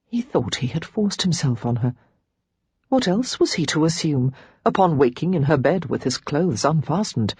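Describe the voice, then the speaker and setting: A woman reading a romance novel aloud as an audiobook narrator, giving each character a pitch and tone of their own. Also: lively intonation, normal speed, a little mellow, husky, no room sound.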